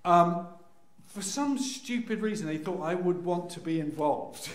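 A man telling a humorous personal story to an audience, acting out scenes with sudden loud cries. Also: high voice, animated, a little slow. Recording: echoey room.

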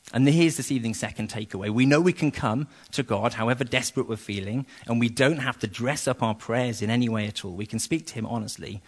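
Earnest male preacher, lively stresses. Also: mid-range voice. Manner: earnest, lively emphasis with fillers. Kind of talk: evening sermon.

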